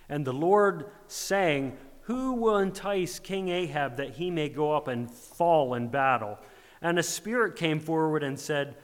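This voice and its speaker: A man's voice: fairly high pitch, a bit bright. A man preaching a sermon, retelling a scripture story with rhetorical questions and acted-out quotes. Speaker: pastor. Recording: long reverb of a large hall.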